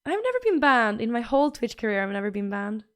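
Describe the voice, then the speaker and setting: A woman streamer in casual chat, rambling and halting with fillers. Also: fairly high pitch, sing-song, a bit bright.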